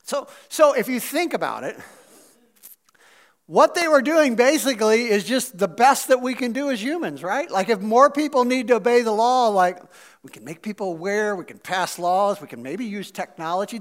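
A pastor giving a casual, conversational sermon. His delivery is animated and swings from loud emphasis to quiet asides. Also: very high voice, moderate pace. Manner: chatty, with fillers and asides.

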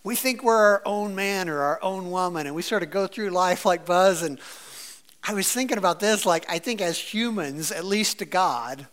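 A male pastor with a high voice preaching a sermon. He talks in an easy, chatty way, full of fillers, and now and then acts out voices to make a point. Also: moderate pace. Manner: conversational and animated, with many fillers; playfully acts out quoted voices.

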